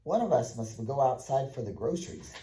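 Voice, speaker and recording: Male narrator as a steady teenage brother, roomy echoey sound. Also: mid-range voice, fairly quick, lightly acted. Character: teenage boy, sensible eldest brother. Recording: echoey room.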